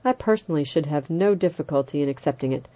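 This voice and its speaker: A woman reading as a calm, precise old judge. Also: low-pitched, lo-fi sound. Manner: measured, formal, unhurried.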